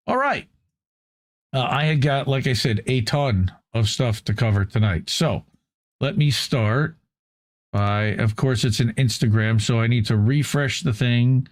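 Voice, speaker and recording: A man's voice: medium pitch, measured pace. A man hosting a live independent news stream, talking casually and thankfully, often repeating words as he goes. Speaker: host. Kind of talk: livestream news show.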